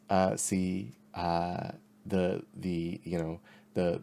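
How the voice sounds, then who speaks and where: Man, game master, slow, halting, lots of fillers, laughs often. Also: low-pitched, gravelly, darkish tone. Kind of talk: narrating a tabletop game.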